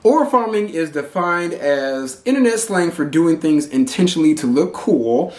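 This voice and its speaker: A man's voice: a little high, lively intonation, moderate pace. A man from Texas giving blunt, profane commentary to camera as a vlogger. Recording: roomy echo.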